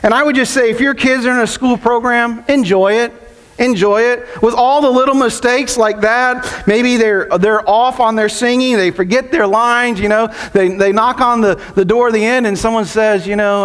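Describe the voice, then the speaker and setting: High-voiced middle-aged male pastor. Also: moderate pace. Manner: conversational, storytelling, laughs often. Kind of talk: sermon.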